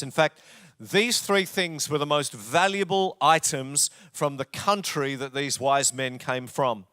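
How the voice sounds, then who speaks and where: A man's voice: a little high, dry recording, clean studio sound. A male pastor with an Australian accent preaching a sermon, telling stories with jokey asides. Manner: jokey, storytelling, warm asides. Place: church.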